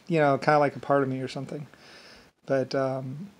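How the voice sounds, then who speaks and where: A man's voice: mid-range voice, normal speed, mellow. A man in a rambling casual monologue, chuckling often between phrases as a vlogger.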